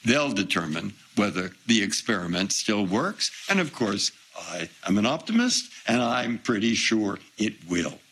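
A man's voice: lowish voice, very animated, unhurried, few pauses, a bit bright, breathy edge, poor audio. An older man giving an earnest formal address, speaking directly to his listeners. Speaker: speaker at a public announcement.

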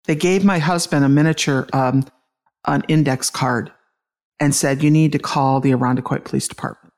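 A middle-aged woman with a gravelly edge recounts a painful family memory to an interviewer. She laughs through grief and restarts her sentences often. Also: a bass voice, steady tone, normal speed, darkish tone. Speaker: guest, bereaved mother and author. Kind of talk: conversational interview storytelling.

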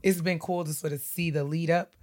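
A woman co-hosting a casual podcast chat, earnest and supportive, speaking in measured phrases. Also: low-pitched, fairly even intonation, a little mellow. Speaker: podcast co-host.

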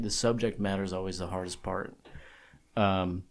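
Give me a man co-hosting a podcast at a table mic, with a somewhat low voice. He talks with joking enthusiasm, riffing freely in casual chat. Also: a little fast. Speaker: podcast co-host. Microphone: studio podcast mic across a table.

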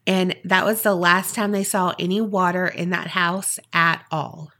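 A woman's voice: on the low side, steady tone, measured pace, bright, forceful tone. A woman podcast host telling a story in a chatty, casual way with wry asides.

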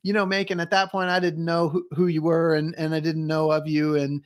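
Guy hosting a podcast, kinda high voice, excited storyteller doing little voices for quotes. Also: fairly quick. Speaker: podcast host. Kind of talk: casual podcast interview.

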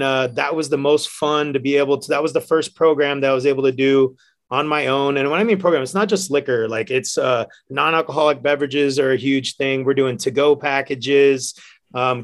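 A man, a bartender guest, telling stories casually, animated and laughing often. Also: medium pitch, moderate pace. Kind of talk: casual storytelling.

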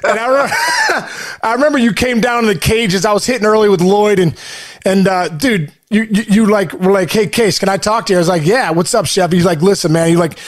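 A man's voice: high voice, big pitch swings, brisk. A man hosting a podcast, a former ballplayer, telling stories animatedly with laughs and stumbling restarts. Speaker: podcast host, former baseball player. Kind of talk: casual podcast interview.

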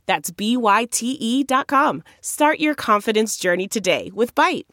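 A woman's voice: on the high side, lively intonation, measured pace, fairly bright tone, dry recording, studio quality. A woman reading a scripted podcast ad in an upbeat, promotional manner. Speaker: ad reader. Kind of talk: scripted ad read.

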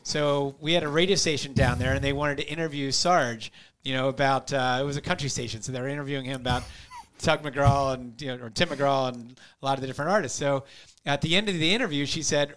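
A man hosting a podcast who tells a funny story with animated laughter. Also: medium pitch, a little fast, slight background noise. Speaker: podcast host. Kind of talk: casual chat.

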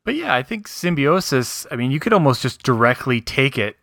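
A man co-hosting a casual podcast, tossing in quick jokes and asides. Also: mid-range voice, big pitch swings, gravelly, fairly bright tone, dry recording, studio quality. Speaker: podcast co-host. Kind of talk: casual chat.

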